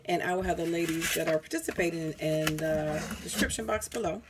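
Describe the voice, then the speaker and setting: A woman with a deep voice talks briskly over some background noise. She's a craft vlogger doing a casual, rambling show-and-tell at home, sounding tired and correcting herself with lots of ums, all picked up on a camera mic.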